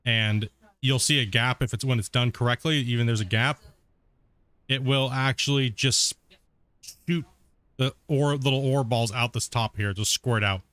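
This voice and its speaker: A man casually talking while he streams a game, relaxed and rambling, often laughing. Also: mid-range voice, normal speed, no room sound. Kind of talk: casual live-stream commentary.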